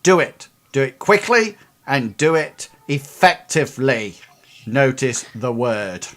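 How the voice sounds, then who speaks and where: A man's voice: medium pitch, slow pace, close to an everyday voice. A man voicing an irate male troll boss who barks clipped, vengeful orders. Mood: angry commanding. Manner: shouting orders, clipped and forceful.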